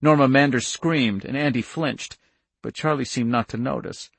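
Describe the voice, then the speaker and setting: Male narrator, measured reading, mid-pitched voice, dry close recording. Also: gravelly, husky, no room sound. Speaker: audiobook narrator. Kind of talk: scripted narration.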